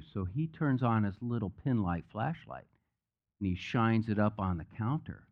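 A man's voice: fairly low pitch, lively intonation, moderate pace, darkish tone, muffled recording. A man preaching a sermon as pastor, speaking conversationally and mixing in jokes. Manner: conversational, joke-telling preacher. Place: church sanctuary.

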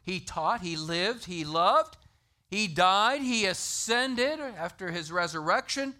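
A man delivers a sermon in a fairly high voice that rises and falls with animated emphasis. His tone is bright and forceful as he cites chapter and verse. He preaches with the steady energy of a pastor working through his points. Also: slow.

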